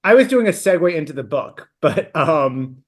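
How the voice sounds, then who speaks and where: A man's voice: a little high, sing-song, moderate pace. A man co-hosting a podcast in casual chat, wordy, playful and a little sentimental. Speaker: podcast co-host.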